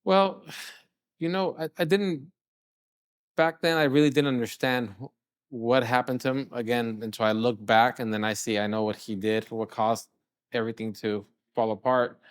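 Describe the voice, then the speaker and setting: Clean studio sound and a dry recording capture a middle-aged man from California with a smooth, medium-pitched voice at a moderate pace. A chef and restaurant owner appearing as an interview-show guest, he tells animated, casual stories and often performs the dialogue in them.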